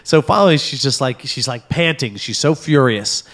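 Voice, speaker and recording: A man's voice: medium pitch, moderate pace. A man hosting a podcast, telling a profane story in casual chat and acting out the voices in it. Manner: animated, profane, acts out voices in his story. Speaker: podcast host.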